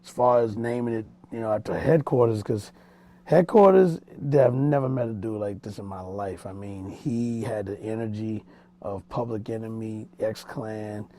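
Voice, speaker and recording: A man's voice: fairly low pitch, steady tone, moderate pace, mellow. A man, a music producer and mix engineer, telling stories in a casual interview in a small studio room, loose and rambling, with street slang and restarts.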